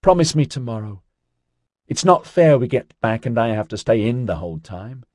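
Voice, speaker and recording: A man's voice: mid-range voice, very animated, moderate pace, a little mellow, no echo, studio quality, voice pushed up, lightly acted. A man voicing a whiny, eager teenage boy in an audiobook, pleading and sulking.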